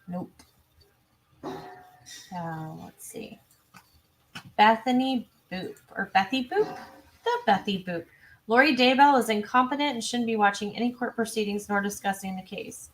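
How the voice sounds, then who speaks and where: A woman hosting a true crime livestream, chatty and self-interrupting, reading viewer comments and adding quick asides. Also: medium pitch, fairly bright tone. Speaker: true crime channel host. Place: home.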